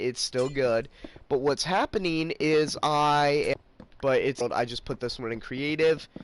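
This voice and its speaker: A man's voice: mid-range voice, a little hiss or hum. A young man giving casual gameplay commentary, rambling and ranting about a friend and mimicking him in mocking voices. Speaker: gaming channel host.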